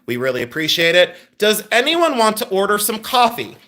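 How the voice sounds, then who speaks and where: Bright chatty man hosting a live sale. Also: sits high, sing-song. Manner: chatty, reads viewer names and orders aloud, quick asides to helpers. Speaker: live-stream sale host. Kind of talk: live-stream selling chat.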